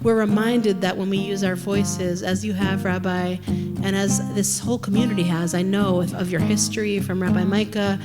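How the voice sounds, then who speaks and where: A woman in a mid-range voice earnestly introduces a blessing to a congregation. Guitar plays loudly behind her. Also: medium pitch, steady tone, moderate pace, long reverb tail. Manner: earnest, heartfelt. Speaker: song leader. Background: guitar music.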